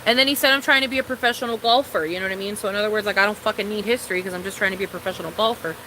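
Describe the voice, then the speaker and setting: A woman's voice: mid-range voice, racing, sharp tone, slight background noise, low-quality recording. A young woman streaming a casual, rambling, profane chat with her viewers, calling them girl.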